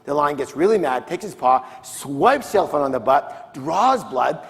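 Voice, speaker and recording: A creaky, slightly high male voice with lively intonation and normal speed leads a motivational seminar from a large conference hall stage. He gets the audience answering in call-and-response, captured with the long reverb of the big hall.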